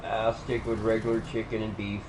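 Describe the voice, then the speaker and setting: A man's voice: fairly low pitch, completely flat delivery, fairly quick, reverberant, a crowd in the background, rough recording. A man from the United States chatting casually with friends, giving easygoing opinions. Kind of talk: casual gaming chat.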